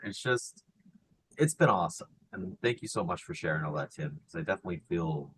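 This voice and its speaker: A man co-hosting a podcast in emotional casual chat, animated, swinging from soft and quiet to loud excited bursts. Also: low voice, brisk, slight background noise, rough recording. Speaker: podcast co-host.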